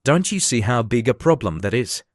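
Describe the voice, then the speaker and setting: A calm young woman laying out her reasoning point by point, as a male narrator reads her lines. She stays even and persuasive. The reading is mid-pitched and the recording is dry. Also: moderate pace, dry recording. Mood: persuading.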